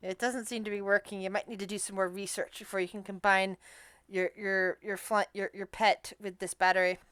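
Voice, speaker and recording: Woman game master, smooth, dry, easygoing. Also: mid-range voice, a little fast, dry recording. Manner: relaxed, laughs often. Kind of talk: narrating a tabletop game.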